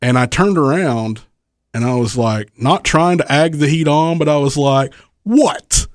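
At normal speed and medium pitch, this podcast guest, a wrestling promoter, comes through in studio quality without echo. His animated, profane tale is full of laughter and performed quotes from the characters in it.

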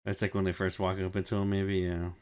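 A man's voice: sits low, completely flat delivery, fast, darkish tone, clean tone, dry recording, clean studio sound. A young man chatting casually on a podcast, laid-back and full of "like" fillers, swearing and laughing as he recaps an anime. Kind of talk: casual chat.

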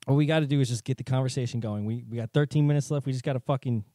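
A man's voice: medium pitch, rapid-fire, warm tone, no echo, clean studio sound. A man hosting a podcast in casual chat, rambling and swearing, often laughing at himself. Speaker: podcast host.

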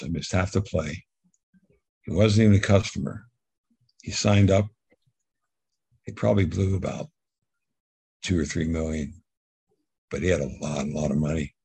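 Middle-aged man, husky low voice, casual rambling storyteller in an interview. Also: darkish tone, no echo. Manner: rambling anecdotal storyteller, repeats words. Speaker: guest telling his life story.

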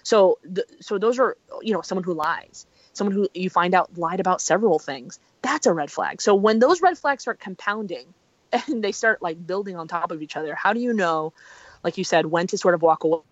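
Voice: mid-range voice, expressive, fairly quick, fairly bright tone, no echo, highs cut off. A relationship consultant giving earnest, emphatic advice as a podcast guest. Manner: earnest, emphatic, many fillers and restarts.

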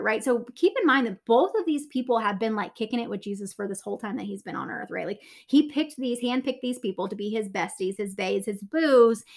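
A young woman giving a casual Bible talk, chatty and filler-heavy, often asking "right?". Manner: acts out quotes in a lower voice. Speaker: Bible teacher.

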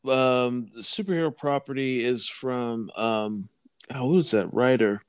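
A man talks casually on a podcast, often stopping to hunt for a name or restart a sentence. His voice is smooth and clear at a middle pitch, recorded close and dry. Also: a little slow, no echo. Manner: rambling, searching for words, many restarts. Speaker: podcast co-host. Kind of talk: casual chat.

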